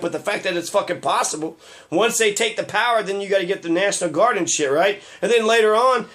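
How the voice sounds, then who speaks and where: Casting note: man, higher-pitched voice, impassioned and profane, rambling political rant full of fillers. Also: fairly bright tone.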